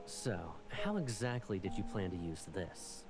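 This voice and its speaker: Brief: a deep-voiced, wry childhood friend from a game, over loud music. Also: male voice, lively intonation, unhurried. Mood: teasing. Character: young adult man, calm teasing childhood friend. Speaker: game character. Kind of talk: game voice acting.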